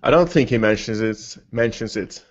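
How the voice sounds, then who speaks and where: A man's voice: on the low side, normal speed. Hesitant man with muffled lo-fi audio. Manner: hesitant, restarts often. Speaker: podcast co-host. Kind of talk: casual discussion of a video game.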